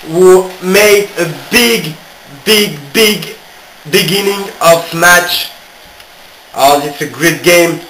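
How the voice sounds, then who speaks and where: A man commentates on a football match in a high voice, slowly and deliberately, punctuating the action with excited exclamations. His English has a halting, non-native phrasing. The recording has the hollow ring of an echoey room. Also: a little hiss or hum. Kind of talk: amateur play-by-play commentary.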